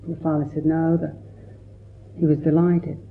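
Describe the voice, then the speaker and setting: A man, a Buddhist monk, giving a gentle, reflective dharma talk and telling stories with quoted voices. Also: fairly high pitch, level tone, normal speed, gravelly. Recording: tinny phone-like recording.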